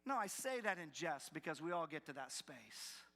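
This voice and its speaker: In a church sanctuary, a male pastor preaches at a moderate pace, growing animated as he takes on the voices of the doubters he quotes. His bright, forceful tone sits a little high for a man, and the hall adds a long reverb.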